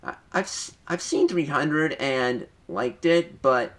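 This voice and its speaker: A man's voice: a little high, slow pace, a bit bright. A young man giving a casual, eager movie review in a vlog, rambling with frequent restarts.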